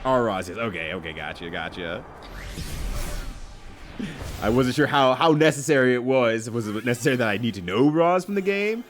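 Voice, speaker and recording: A man's voice: mid-range voice, animated, normal speed, pauses often, a bit bright, soft background music. A man streaming live, chatting casually while he plays, rambling along and correcting himself as he goes.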